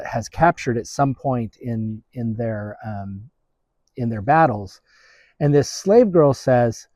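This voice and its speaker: Mellow-voiced pastor preaching a halting sermon. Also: male voice, mid-range voice, dry recording. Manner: halting, with frequent restarts and fillers.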